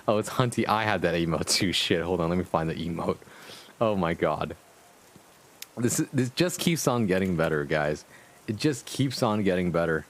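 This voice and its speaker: A man's voice: sits low, animated, normal speed, a little hiss or hum. A man streaming live, reading fanfiction aloud and breaking off to chat to his viewers, amused and often profane.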